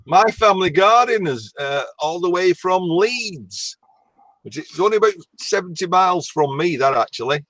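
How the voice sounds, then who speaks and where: A man's voice: sits high, lively intonation, moderate pace, a bit bright, dry recording, low-quality recording. A man from Lancashire with a northern English accent, telling stories in casual chat with dry humor. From Lancashire, England. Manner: chatty storyteller, dry humor.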